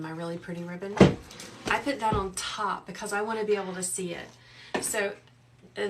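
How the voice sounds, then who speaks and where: A woman, hosting a live wreath-making tutorial in a soft, soothing, chatty way while she reads out viewers' comments. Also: medium pitch, recorded from a distance, a little hiss or hum. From South Carolina. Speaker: wreath maker and livestream host. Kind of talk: live craft tutorial chat.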